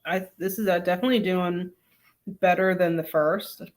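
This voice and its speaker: A woman co-hosting a casual podcast chat, relaxed and quick to laugh. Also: fairly low pitch. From Louisiana. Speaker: co-host, author.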